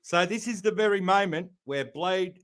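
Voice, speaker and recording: A man's voice: sits high, moderate pace, a bit bright, clear, resonant tone. A man from Australia, a guest on a live-stream panel, explaining at length in a rambling, casual way.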